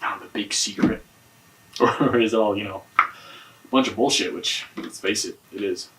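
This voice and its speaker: An actor playing a guarded, deep-voiced interrogated man. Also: normal speed, recorded from a distance, heavy background noise, natural voice. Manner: evasive, bitter, swearing. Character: defensive, guarded young man under police interrogation. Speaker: man questioned by police in a mystery game.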